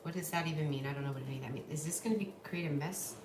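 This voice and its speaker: This young female livestreamer talks rapid-fire in a deep voice from a room at home. Her casual chat is blunt and profane, broken up by cooing to her dogs between stories. The recording is noisy and echoey, with the microphone set well away from her.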